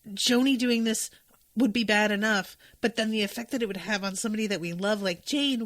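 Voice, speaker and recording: A woman's voice: medium pitch, brisk, a bit bright, dry recording. A woman hosting a podcast, talking casually and emotionally about a show she loves, sometimes getting choked up. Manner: emotional, gushing, choked up at times. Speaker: podcast host. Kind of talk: casual chat.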